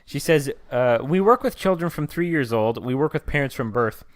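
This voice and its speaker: Lively, jokey man co-hosting a podcast. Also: moderate pace, no echo, studio quality. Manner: jokey, lots of fillers, breaks into silly high voices. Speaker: podcast co-host. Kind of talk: casual chat.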